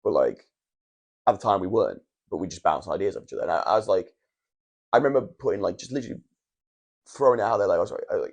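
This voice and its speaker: A man's voice: low-pitched, animated, fast, long pauses, darkish tone. A young man, a wrestler, telling long stories in a casual podcast chat in a hotel room, with restarts and swearing. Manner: rambling storytelling, frequent restarts and swearing.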